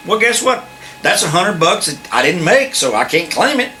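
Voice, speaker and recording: A man's voice: high-pitched, lively intonation, brisk, sharp tone, slight background noise, rough recording. An older man telling profane stories with brash swagger, often quoting people in their own voices. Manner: brash, swearing constantly, mimics people in quotes. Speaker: guest storyteller. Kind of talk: profane casual storytelling.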